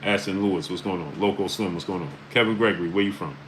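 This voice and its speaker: This low-voiced host from Brooklyn runs a laid-back live stream, greeting viewers by name in quick bursts. He speaks with a New York accent, blunt and emphatic, over poor audio carrying a slight hiss or hum.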